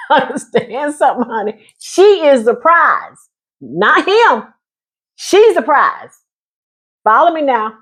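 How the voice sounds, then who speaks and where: A woman's voice: on the high side, husky. A woman talking casually to her viewers in a sassy manner, calling them honey and laughing often. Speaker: vlogger giving relationship talk.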